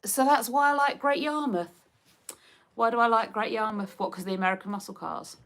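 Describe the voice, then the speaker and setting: Brisk and a bit bright, her fairly high voice carries a Hertfordshire English accent. She's a livestream host from Hertfordshire, England, reading out viewer comments with casual chatter and giggles.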